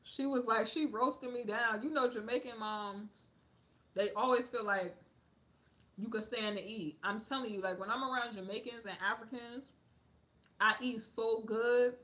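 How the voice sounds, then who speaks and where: Slightly high and steady, with a bit of brightness, her voice keeps a moderate pace. The American woman hosts a livestream, casually chatting, replying to viewer comments and drifting topic to topic with many "like" fillers.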